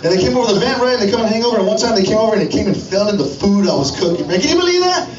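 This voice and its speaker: A man's voice: sits high, lively intonation, racing, over music. A man performs a stand-up comedy set in a club, chatting with the crowd and constantly asking "right?". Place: comedy club stage before a live audience. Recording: echoey club audio from a distance, dull.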